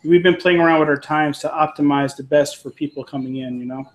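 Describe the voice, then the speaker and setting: A man who runs livestreams talks in a relaxed, filler-heavy way on a video call. His slightly high voice rings in an echoey room. A clear noise sits behind him. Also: a little fast. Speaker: YouTube livestreamer. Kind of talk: casual video call chat.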